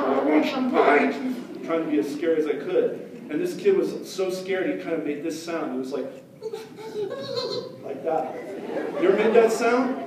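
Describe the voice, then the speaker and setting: Telling a story live to children, a man speaks in a slightly high voice, chatting and checking in with the audience through questions. He sounds distant from the mic, in a very echoey hall with background noise.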